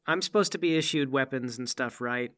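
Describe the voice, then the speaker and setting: A man at a tabletop game talks in a bright, forceful voice. He lays out schemes briskly and keeps the plan moving. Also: medium pitch. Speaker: player.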